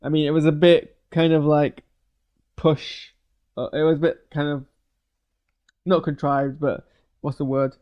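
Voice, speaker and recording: A man giving a loose, hesitant live reaction to a TV episode, full of fillers and restarts, with sudden bursts of excitement. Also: on the high side, unhurried, pauses often, highs cut off. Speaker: video reviewer. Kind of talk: live post-watch reaction.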